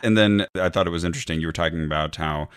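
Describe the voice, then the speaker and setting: A man's voice: sits low, rapid-fire, clean tone. A man co-hosting a podcast, talking in a thoughtful, analytical way. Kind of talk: casual podcast conversation.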